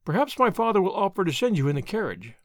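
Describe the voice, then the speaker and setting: A man reading the part of a proud, spirited young noblewoman, asking sharp, challenging questions. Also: high-pitched, sing-song, fast talker, no echo, clean studio sound.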